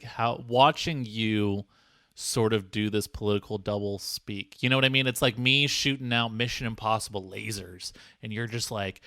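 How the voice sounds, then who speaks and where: A man's voice: medium pitch, a bit bright, no room sound, studio quality. Teasing man, comedy podcast co-host. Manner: teasing, playfully exasperated. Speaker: podcast producer.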